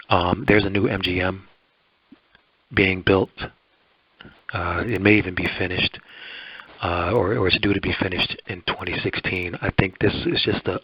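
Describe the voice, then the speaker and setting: A hoarse man hosting a boxing interview show, talking in a halting, rambling way. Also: low-pitched, no room sound. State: hoarse, voice almost gone. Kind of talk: radio-style interview and commentary. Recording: dull lo-fi dry recording.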